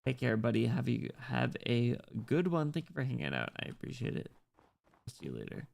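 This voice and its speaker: A man with an American accent and a gravelly, creaky voice keeps up loose commentary as he plays on stream. He rambles, jokes and swears freely. His pitch sits in an ordinary middle range. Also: huge pitch swings, normal speed, a little mellow. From United States. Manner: rambling, joking, swears a lot. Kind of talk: casual gameplay commentary.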